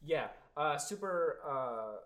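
Slow-paced and lively in intonation, a young man with a slightly high, fairly bright voice co-hosts a podcast. He chats casually about a film for a movie review, rambling with many fillers and trailing off.

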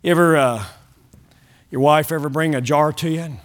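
A male pastor preaching a sermon, swinging from loud exhortation to hushed lines, with conversational asides to the congregation. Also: fairly high pitch, normal speed.

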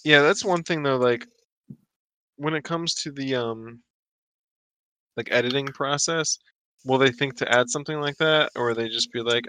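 A bright, clear-voiced man with a New Jersey accent chats on a podcast, pausing on "um" and "like". He sits a little farther from the mic than the others. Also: medium pitch, no room sound, low-quality recording. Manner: thoughtful, hesitant with "um" and "like". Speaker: podcast co-host. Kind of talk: casual chat.

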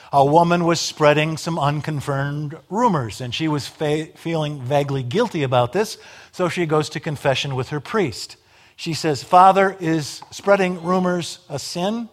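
A man's voice: on the high side, moderate pace. A man preaching a sermon, emphatic, with dramatic rises and drops in volume and wry asides. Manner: wry humor.

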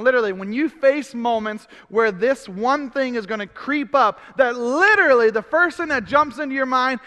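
Male pastor: very high, bright voice, emphatic sermon, echoing hall. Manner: emphatic, repeats phrases, cries out in frustration. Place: church hall. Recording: long hall reverb.

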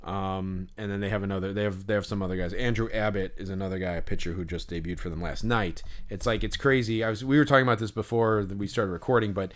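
A man's voice: fairly low pitch, fast talker, few pauses. A man co-hosting a podcast, chatting casually and telling stories in a rambling way, full of fillers and restarts. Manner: animated when telling stories. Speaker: podcast co-host. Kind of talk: casual chat and storytelling.

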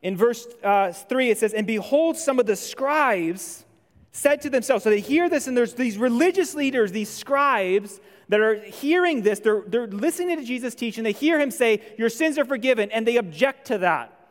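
High-voiced man preaching in a reverberant hall. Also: moderate pace. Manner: conversational, animated when voicing imagined objections. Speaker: pastor. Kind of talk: sermon. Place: church hall.

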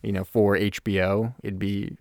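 A man with a fairly low voice talks through a film in loose, rambling podcast chat. He trips over his words and restarts sentences as he goes. The sound is close and dry, with no room in it. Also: level tone, normal speed, creaky, darkish tone, dry recording. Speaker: podcast co-host. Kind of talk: casual movie review chat.

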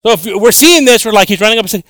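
A man's voice: high-pitched, lively intonation, very fast, a bit bright, no room sound. A man preaching a bilingual sermon, switching between Spanish and English with joking asides.

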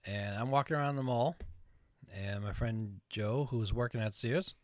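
A man's voice: mid-range voice, normal speed, no room sound. A man telling stories in a casual chat, wry and sarcastic, often chuckling.

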